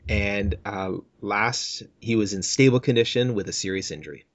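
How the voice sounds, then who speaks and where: A man's voice: lowish voice, moderate pace, no room sound, muffled recording. A man co-hosting a podcast, casually telling a news story and laughing along with his co-host. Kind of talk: casual chat.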